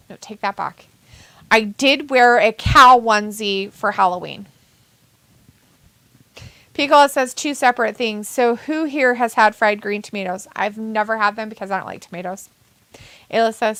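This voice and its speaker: A woman hosting a casual live watch-along, reading viewers' messages aloud and laughing often. Her voice sits fairly high. The sound is dry and close. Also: fairly bright tone, no room sound. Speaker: stream host.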